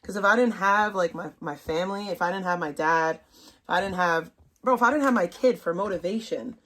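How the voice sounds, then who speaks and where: A woman's voice: on the low side, a little fast, fairly bright tone. A woman, ranting bluntly and profanely to her stream chat. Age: 30s. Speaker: livestream host. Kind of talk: casual rant to stream chat.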